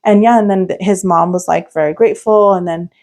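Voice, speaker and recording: A woman's voice: lowish voice, steady tone, fairly quick, darkish tone. Young woman podcast host rambling thru a story, lots of like and um. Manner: rambling, many "like" fillers and restarts. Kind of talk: casual storytelling chat.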